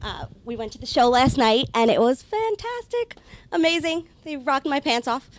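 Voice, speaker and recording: A woman's voice: sits high, very animated, moderate pace. A woman interviewing a band in a playful, giggly way. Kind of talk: casual interview.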